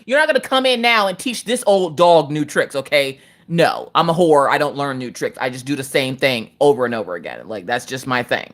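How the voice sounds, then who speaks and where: A Southern woman in her late thirties, with a rumbling low voice that is animated and a little fast, chats casually on a craft live stream. She tells stories, swearing and speaking with a slight slur.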